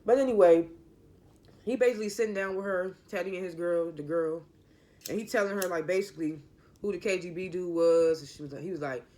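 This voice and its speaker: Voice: medium pitch, brisk, dark tone. Rambling, opinionated show reviewer. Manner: rambling, opinionated, often correcting themself. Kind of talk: casual recap and review.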